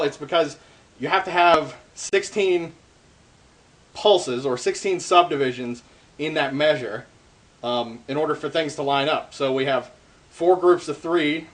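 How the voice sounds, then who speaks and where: A man casually teaching hand-drum rolls, explaining step by step with lots of ums and uhs. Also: fairly high pitch. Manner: relaxed, filler-heavy explaining. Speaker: darbuka teacher. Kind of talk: casual instructional talk. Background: drum playing between phrases.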